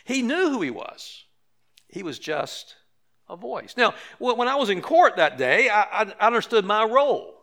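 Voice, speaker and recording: A male pastor delivers a conversational sermon. His voice sits high and bright. He talks with frequent restarts and asides.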